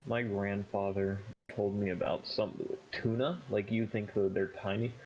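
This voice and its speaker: A laid-back man co-hosting a casual podcast, talking in a matter-of-fact way. His voice sits low, and the lo-fi recording sounds muffled with a faint hiss behind it. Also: fairly even intonation, measured pace, darkish tone. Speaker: podcast co-host. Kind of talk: casual chat. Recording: dull lo-fi mic with faint noise.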